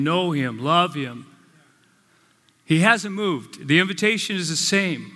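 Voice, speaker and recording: Man, pastor, sermon, earnest emphatic delivery, bright voice, long hall reverb. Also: on the high side. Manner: earnest preaching with slow emphatic phrases. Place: church sanctuary.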